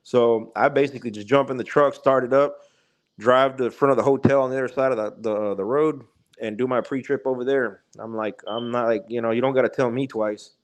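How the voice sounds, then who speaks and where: A man's voice: mid-range voice, fairly even intonation, brisk. A man, telling a spooky story as a podcast guest in a rambling way with many fillers and restarts. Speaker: podcast guest, truck driver. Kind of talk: casual storytelling.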